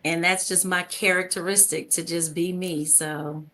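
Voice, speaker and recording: A woman from New York who speaks with a Southern American accent, chatting on a podcast over a video call. She is expressive and talkative and tells lively stories. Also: lowish voice, unhurried. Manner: chatty, expressive storyteller who acts out quotes. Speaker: podcast guest. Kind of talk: casual group conversation.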